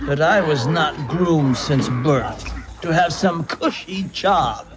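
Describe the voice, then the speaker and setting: A man's voice: a little high, lively intonation, slow, a loud crowd. An actor playing a haughty, scornful male alien overlord who speaks with a British accent, heard in a film clip.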